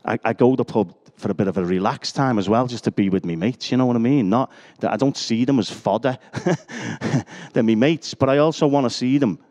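A man's voice: medium pitch, fairly quick, a little mellow. A middle-aged man, preaching a sermon full of personal stories and self-deprecating jokes. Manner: chatty, self-deprecating, joking asides.

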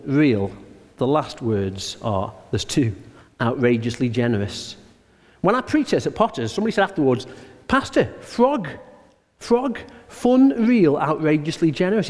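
A man, a pastor preaching a sermon with lively storytelling and slowed, emphatic punchlines. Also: on the high side. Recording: long hall reverb.

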